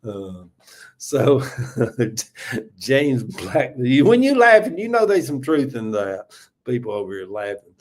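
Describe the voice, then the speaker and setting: A man in his seventies with a Southern US accent hosts a casual morning livestream from home. He talks in a chatty, folksy way, rambling from one thought to the next and laughing often. His pitch sits in the ordinary middle range for a man. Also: very animated, takes it slowly. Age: 70s. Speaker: livestream host.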